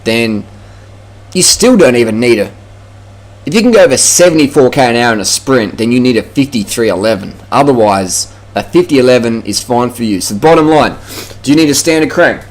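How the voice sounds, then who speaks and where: A man's voice: medium pitch, animated, brisk. An Australian man ranting casually to camera about cycling, blunt, profane and mocking. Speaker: cycling vlogger.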